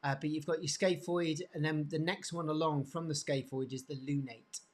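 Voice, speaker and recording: A man teaching hand anatomy off the cuff, pointing to bones, with many restarts and frequent throat clearing. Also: on the high side, fairly even intonation. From England. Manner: halting, repeats words, frequent throat clearing. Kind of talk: unscripted teaching demonstration.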